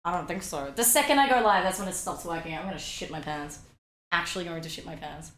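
A woman's voice: lowish voice, fast, fairly bright tone, roomy sound. A woman streaming a game live, chatting and swearing freely with her chat and sing-songing greetings, her voice a bit worn out.

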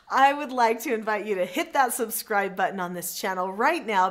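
Middle-aged female parenting coach, slightly high-pitched, earnest and instructive, repeats her key points. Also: fairly bright tone. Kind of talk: direct-to-camera parenting lesson.

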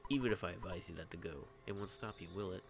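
A man's voice: low-pitched, fast talker, background noise, lightly acted. A man voicing a tired, grumbling policeman in a game. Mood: weary. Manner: weary, grumbling.

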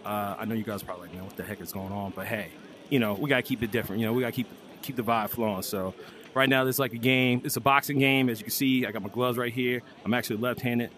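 A man from the Washington DC area, out of breath, hosting hyped VR boxing gameplay commentary full of loud, playful trash talk. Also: medium pitch, steady tone, fast talker, a little hiss or hum. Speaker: gaming channel host. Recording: voice over loud game music. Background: loud music.

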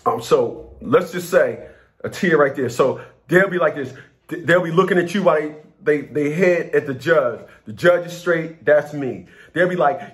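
A man's voice: fairly high pitch, normal speed. A man ranting to his viewers in a blunt, profane, storytelling way, sharing his experiences in custody court. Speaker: vlogger giving custody advice. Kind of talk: casual rant to camera.

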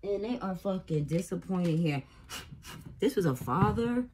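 A woman's voice: on the low side, lively intonation, a little slow, dark tone, husky. A woman doing a casual tarot reading, profane and exclaiming, with frequent laughter. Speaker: tarot reader.

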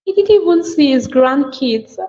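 A woman with a Nigerian accent voicing a young woman mourning her father in an animated drama. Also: high-pitched, moderate pace, slight background noise. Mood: grieving. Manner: pleading, sobbing questions. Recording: muffled echoey home recording.

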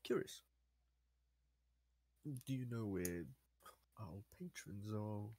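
A tabletop player who speaks in a measured, wry way. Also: medium pitch, expressive, dark tone, slight background noise. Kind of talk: casual tabletop play.

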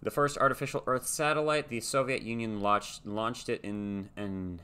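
A man's voice: fairly low pitch, fairly even intonation, normal speed, bright, forceful tone, smooth. A young American man casually reading facts aloud and musing, hosting a reaction video. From United States. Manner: reads facts aloud, muses and trails off.

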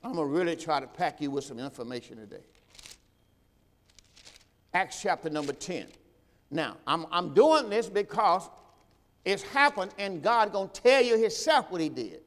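A man preaching a sermon in a high, ringing voice, pausing for his congregation to answer back. His voice climbs and grows louder when he presses a point. The sound carries a long reverb, like a church sanctuary. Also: very animated. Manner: preaching with call-and-response to the congregation; rises in pitch and volume when stressing a point. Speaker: pastor; host.

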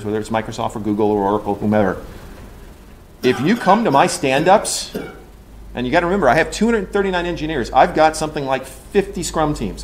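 A man in charge of a large engineering team gives an animated, joking conference talk in a ranting manner. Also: a little high, slight background noise. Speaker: engineering leader. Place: conference room.

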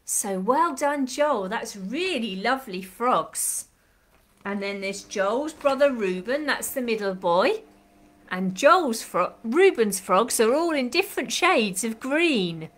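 A woman with a fairly high voice leads a children's class on a live stream. Her throat is a little sore and croaky, and she chats along brightly and encouragingly, greeting each child in a sing-song way. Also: animated, takes it slowly. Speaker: children's club leader. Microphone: live stream webcam.

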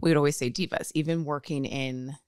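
Brief: woman, 30s, podcast co-host, low voice, chatty storyteller, dry close mic. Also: fairly even intonation, brisk, darkish tone, clear, resonant tone, no room sound. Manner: chatty storyteller, many "like"s, acts out quotes. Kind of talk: casual chat.

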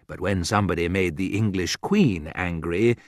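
A man reading a humorous graded reader aloud in a wry, deliberate storytelling manner, with a sudden lift in pitch for quoted remarks. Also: no echo, studio quality. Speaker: audiobook narrator.

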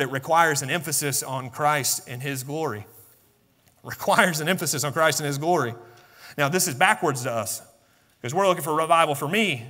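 A man delivers a sermon in a church sanctuary, his voice high and bright. He drifts from soft, low musing into loud, emphatic bursts. A long reverb from the hall trails every phrase. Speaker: pastor.

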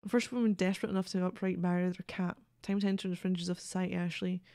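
Sardonic woman streamer with gravelly voice. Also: fairly low pitch, steady tone, fast talker, dark tone, no room sound, clean studio sound. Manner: sardonic, swears, reads game texts aloud. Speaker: game streamer. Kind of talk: casual gameplay commentary.

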